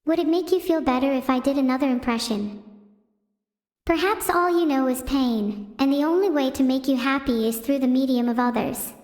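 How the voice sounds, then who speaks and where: Give me a deadpan synthetic girl doing stand-up for her chat, with a long reverberant tail. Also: sits high, moderate pace. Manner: deadpan, chatting with viewers. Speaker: AI streamer host. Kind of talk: stand-up comedy stream. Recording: roomy reverberant sound.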